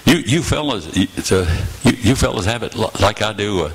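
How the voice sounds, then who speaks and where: A man in his eighties preaching a sermon in a church, telling stories with dramatic pauses and slowed phrases. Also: lowish voice, expressive, breathy edge, rough recording. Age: 80s.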